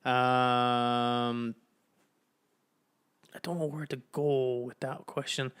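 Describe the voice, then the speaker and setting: Rambling Irish guy, smooth voice. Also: medium pitch, steady tone, drawn-out words, pauses often, fairly bright tone. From Ireland. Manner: rambling, loose and profane, with many restarts. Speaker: podcast host. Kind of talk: casual solo podcast chat.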